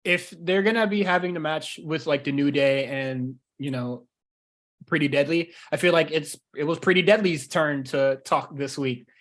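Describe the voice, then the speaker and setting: A man's voice: a little high, normal speed, a bit bright. A man co-hosting a wrestling podcast in loose, joking, profane casual chat. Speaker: podcast co-host.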